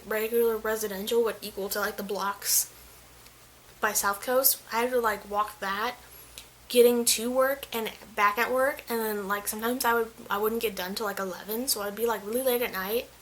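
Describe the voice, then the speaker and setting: A woman's voice: on the high side, fairly even intonation, moderate pace, fairly bright tone, a little hiss or hum, low-quality recording. Chatty young woman, "like"-filled. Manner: chatty, filler-heavy, says "like" constantly. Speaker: vlogger. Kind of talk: casual storytelling.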